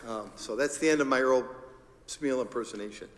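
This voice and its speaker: A man's voice: medium pitch, fairly quick, long reverb tail. A man, a school district administrator, walks the board through agenda items in an informal, joking, conversational way at a public meeting.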